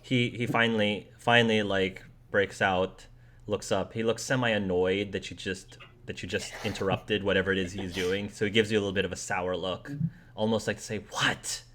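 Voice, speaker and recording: Low-voiced man narrating a game. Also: fairly even intonation, moderate pace, a bit bright, a little hiss or hum. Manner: descriptive, with fillers and restarts. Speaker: game master.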